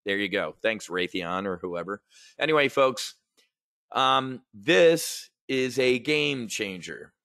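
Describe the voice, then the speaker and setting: A man's voice: lowish voice, expressive, takes it slowly, fairly bright tone, dry recording, clean studio sound. A man hosting a trading show, commenting on the news in a blunt, rambling, profane way. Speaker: options trading show host. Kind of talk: casual market and news commentary.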